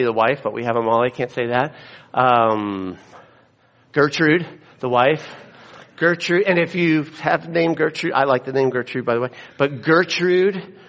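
A man preaching a sermon to his church congregation, moving between soaring, emphatic passages and quiet, low asides. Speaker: pastor.

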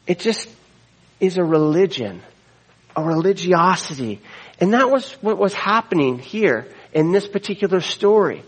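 A man's voice: high voice, expressive, a little slow, husky, poor audio. A man preaching a sermon as a pastor, retelling the story in a conversational way with asides to the congregation.

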